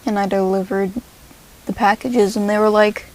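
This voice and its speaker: A woman telling a rambling, absurd comedic story in a deadpan way. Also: medium pitch, normal speed, rough recording.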